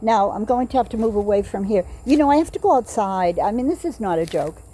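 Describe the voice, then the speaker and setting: A woman's voice: mid-range voice, animated, dark tone. An older woman telling rambling personal stories in a casual monologue, outdoors at night. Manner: rambling, digressive storytelling with pauses. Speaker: vlogger. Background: crickets chirping.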